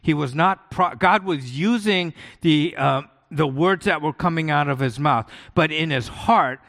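A man's voice: fairly high pitch, a little slow, fairly bright tone. A male pastor giving a sermon in a conversational way, often asking his listeners rhetorical questions. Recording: long hall echo.

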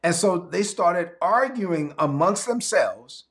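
A man's voice: high-pitched, lively intonation, slow pace, fairly bright tone. A man preaching a sermon as pastor, conversational and emphatic with dramatic swings.

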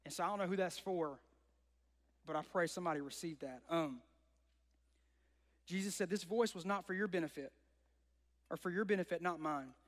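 A man's voice: high voice, normal speed, long pauses. A young man preaching a sermon in a conversational way, often asking his listeners rhetorical questions. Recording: long hall reverb.

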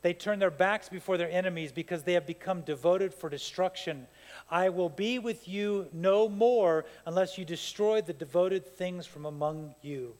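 A man preaching a sermon as pastor, telling stories in an animated way that builds to fired-up peaks. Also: high-pitched, normal speed. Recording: long hall reverb.

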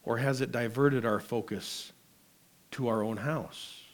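A male pastor preaching a sermon, emphatic and dramatic, swinging between loud declarations and quiet asides. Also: mid-range voice, steady tone, measured pace.

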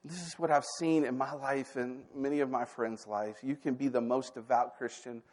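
A man's voice: medium pitch, fairly even intonation, moderate pace, a little mellow, long reverb tail. A man preaching a sermon as a staff pastor, candid and conversational, with asides and quoted inner thoughts. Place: church sanctuary.

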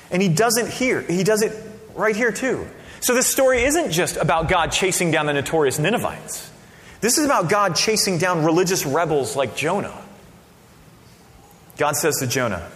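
A man preaching a sermon as a pastor, casual and conversational, with sudden loud bursts. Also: sits high, slight background noise. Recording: long reverb of a hall.

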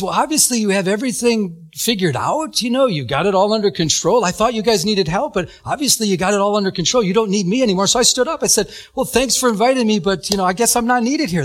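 A man delivers a sermon built around a personal story, voicing the people in it as he goes. His voice sits high for a man, and he talks in a lively, expressive way with frequent laughter. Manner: animated storytelling, acts out quotes, laughs often. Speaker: preacher.

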